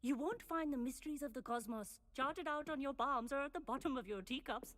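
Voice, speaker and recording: A woman's voice: high voice, fairly quick, no echo, close to an everyday voice. Woman voicing a stern Indian-accented professor. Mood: lecturing. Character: stern female astronomy professor, exacting. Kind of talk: video game voice acting.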